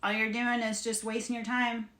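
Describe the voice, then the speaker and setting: Blunt, animated woman in an echoey room. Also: fairly high pitch, normal speed. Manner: blunt and animated, swearing casually. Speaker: spiritual reader and livestream host. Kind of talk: casual livestream chat. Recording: roomy, echoey room sound.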